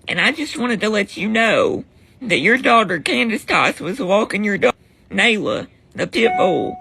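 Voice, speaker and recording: Scrappy older woman neighbor put on by a woman, gravelly, husky, brash prank-call voice. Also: mid-range voice, sharp tone, exaggerated voice. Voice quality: raspy, gravelly. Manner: brash, accusing.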